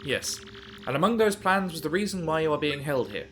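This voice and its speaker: A man putting on a soft, formal computer AI. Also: a little high, very animated, faint music behind. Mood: solemn. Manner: formal, measured, subdued. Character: calm, earnest male computer AI of an enemy base.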